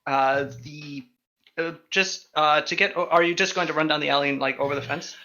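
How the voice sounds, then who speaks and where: A young man with a bright, clear voice runs a tabletop game as game master. He describes each scene slowly and leans on a lot of ums and uhs. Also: fairly high pitch, fairly even intonation, lo-fi sound.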